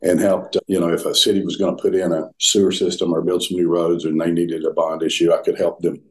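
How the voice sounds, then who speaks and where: Deep-voiced older Southern man. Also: little pitch movement. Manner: earnest, halting with frequent restarts. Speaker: guest, former pastor. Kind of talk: podcast interview storytelling.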